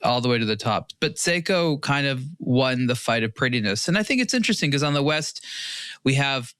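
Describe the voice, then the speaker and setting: A man of middle pitch talks through a casual watch podcast, rambling and restarting with plenty of fillers. His voice sounds dry and close, with no room echo. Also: animated, brisk, a bit bright, smooth. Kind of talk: casual panel chat.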